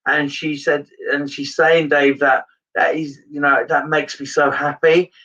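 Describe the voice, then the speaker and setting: Man, medium giving a live reading, earnest, rambling, slightly high pitch, far from mic. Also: level tone, measured pace, sharp tone, highs cut off.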